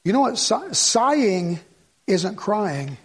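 A man preaching a sermon in a conversational way, asking the congregation rhetorical questions and sometimes dropping to a soft, low voice for emphasis. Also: big pitch swings, slow pace, slightly rough. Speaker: pastor.

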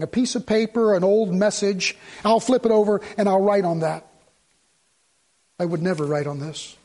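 A middle-aged pastor with a high, darkish voice preaches a sermon. He tells stories and builds up to fervent emphasis.

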